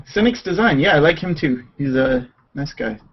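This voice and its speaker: A man's voice: a little high, lively intonation, moderate pace, slightly rough. A man hosting a casual livestream chat with friends, laid-back, chatty and joking, talking over a computer mic. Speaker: stream host. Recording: dull lo-fi stream audio with faint hiss.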